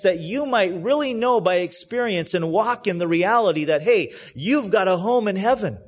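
A man preaching a sermon as a pastor, explaining scripture earnestly and emphatically, pressing some words loudly and dropping others to a hush. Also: sits high, lively intonation, normal speed, hardly any pauses. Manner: earnest, emphatic, swings between loud stresses and hushed asides; explains and reads scripture aloud to a congregation.

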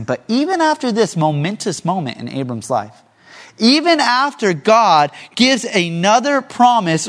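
Animated male pastor preaching. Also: high-pitched. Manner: conversational preaching with rhetorical questions. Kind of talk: sermon.

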